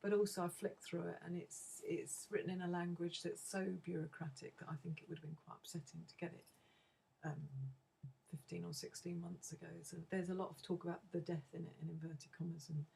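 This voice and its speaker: A middle-aged woman speaking to camera in a video diary, a mother talking hesitantly and thoughtfully, with frequent pauses. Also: lowish voice, level tone, warm tone, a little hiss or hum, low-quality recording. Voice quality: gravelly, very husky. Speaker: bereaved mother.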